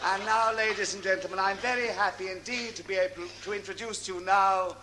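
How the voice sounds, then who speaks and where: A man's voice: high-pitched, fairly even intonation, quick pace, background noise. A man presenting a music hall show on stage, introducing acts with florid, pompous wordplay and grand flourishes. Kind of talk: theatrical stage compering. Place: theatre stage before a live audience.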